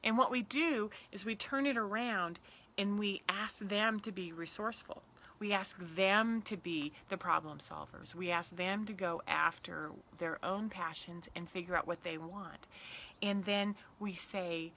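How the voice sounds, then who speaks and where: A woman's voice: mid-range voice, measured pace, sharp tone, slight background noise. A middle-aged woman, a parenting coach, giving earnest step-by-step advice in a talk.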